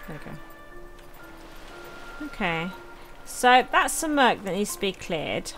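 A woman's voice: mid-range voice, very animated, slow pace, fairly bright tone, soft background music. A woman hosting a let's play, chatting casually and thinking aloud as she plays, with frequent exclamations. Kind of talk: casual game commentary.

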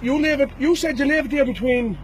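Irish fighter guy, really high voice, taunting and threatening, keeps repeating himself, faint noise behind. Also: brisk, low-quality recording. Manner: taunting and threatening, repeats names and "boys" often. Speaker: bare-knuckle fighter. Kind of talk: recorded challenge to a rival.

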